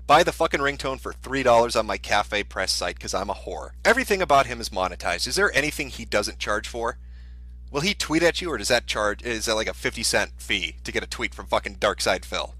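A man's voice: mid-range voice, animated, brisk, pushed and bright, no echo. A man ranting in profane, sarcastic commentary, mocking a streamer as he reads his posts aloud.

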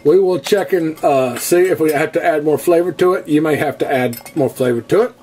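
A man's voice: fairly high pitch, a little fast, warm tone. Folksy man hosting a cooking vlog. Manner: folksy, addresses viewers as folks. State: losing his voice. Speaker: cooking channel host. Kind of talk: casual home cooking vlog. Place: home kitchen.

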